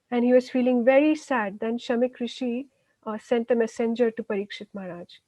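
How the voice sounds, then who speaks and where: A woman's voice: on the high side, a little fast, mellow, dry recording, low-quality recording. A woman teaching a children's class, retelling a story in simple words with frequent restarts and fillers.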